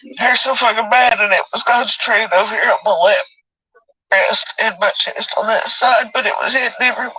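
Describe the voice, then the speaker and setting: A woman's voice: on the high side, brisk, bright, forceful tone, slightly rough, no echo, far from the mic, rough recording. A woman giving raw, tearful personal testimony, swearing often.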